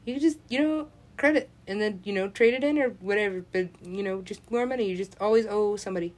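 A woman's voice: medium pitch, quick pace, darkish tone. A young adult woman, a parent, rambling in a loose monologue, laughing often, swearing freely and acting out the voices she quotes.

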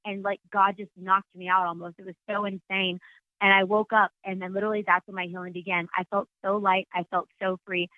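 A woman's voice: mid-range voice, level tone, brisk, no room sound. A woman speaking as a guest author, sharing a personal testimony in an earnest, flowing way. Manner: earnest, flowing, faith-filled speech. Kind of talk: phone interview, personal testimony. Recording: tinny phone line.

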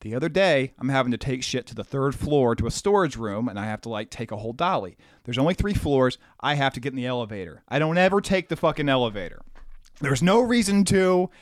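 A man co-hosting a podcast, telling a rambling, animated anecdote full of quoted dialogue. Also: mid-range voice, quick pace, dry recording, clean studio sound. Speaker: podcast co-host. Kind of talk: casual storytelling.

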